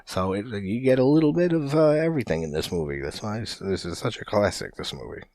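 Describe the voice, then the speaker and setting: Deep-voiced man rambling about a film. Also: expressive, a little fast, a little mellow, no room sound. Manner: loose, rambling, heavy use of "like", casual swearing. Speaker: podcast host. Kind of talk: casual film review monologue.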